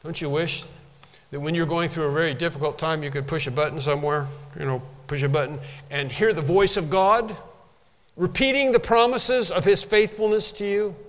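Preacher guy, kinda high voice, keeps repeating lines for punch, big reverby hall. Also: moderate pace. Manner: emphatic, repeats phrases for stress. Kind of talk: sermon.

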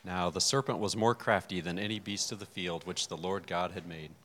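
A man from the class reading a scripture passage aloud in a steady, even way. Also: low-pitched, fairly quick, slight background noise, low-quality recording.

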